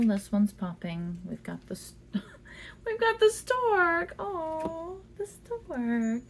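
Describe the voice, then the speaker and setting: A woman's voice: fairly low pitch, vocal fry, slight background noise. A woman giving a casual tarot reading at home, chatty and giggly, talking fondly to the cards. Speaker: tarot reader. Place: indoors at home.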